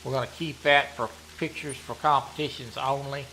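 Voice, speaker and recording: A man, chatting casually while playing a hunting game, rambling and often clearing his throat. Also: mid-range voice, steady tone, moderate pace, bright, forceful tone, a little hiss or hum. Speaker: gaming streamer running a members' community.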